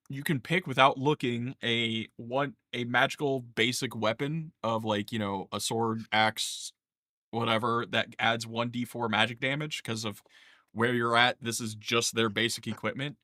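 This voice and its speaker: Bright-voiced man running a game. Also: medium pitch, steady tone, moderate pace, no room sound, studio quality. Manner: casual, laughing, lots of uh fillers. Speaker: game master. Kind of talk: narrating a tabletop game.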